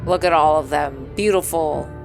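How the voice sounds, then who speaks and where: A young woman streaming a visual novel, reading the game text aloud and breaking off into excitable, profane reactions about the characters. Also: deep voice, moderate pace, faint music behind. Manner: excitable, swears freely, gushes over characters.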